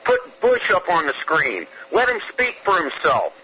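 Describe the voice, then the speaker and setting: A man's voice: on the high side, wildly swooping pitch, moderate pace, lo-fi sound, slight background noise. A man from Georgia, calling in to a radio show with a fiery, profane, emphatic rant. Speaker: caller. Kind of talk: angry phone-in rant.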